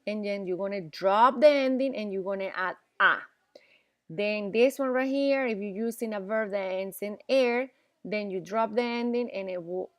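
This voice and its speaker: A woman teaching Spanish, explaining grammar patiently, repeating examples and often checking in with "okay?". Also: on the high side. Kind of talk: classroom grammar lesson.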